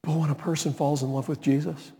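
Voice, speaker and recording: A male pastor preaching a sermon, swinging his voice high and low and slowing down to stress key words. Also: little pitch movement, long reverb tail. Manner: dramatic swings in pitch and loudness, slows for emphasis.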